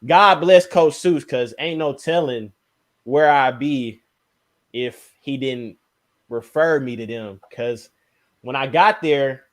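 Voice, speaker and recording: A young man, a podcast guest, telling a basketball injury story in casual, slangy, animated speech. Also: slow. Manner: animated, slangy, sound words like "boom, bam".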